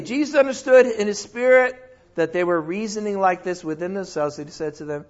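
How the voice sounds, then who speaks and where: High-voiced man teaching the Bible, lo-fi. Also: moderate pace. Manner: lively, exclaims and self-corrects often.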